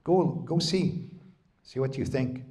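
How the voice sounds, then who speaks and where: A storyteller playing a menacing male giant who gives gruff orders in a raised voice. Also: fairly high pitch, slow, mellow, far from the mic, voice pushed up. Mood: commanding.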